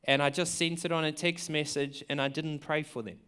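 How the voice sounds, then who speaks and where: A man's voice: fairly high pitch, steady tone, fairly quick, sharp tone, clear, resonant tone. A man preaching a sermon in an earnest, conversational way, asking listeners questions and often repeating words as he thinks aloud. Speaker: pastor.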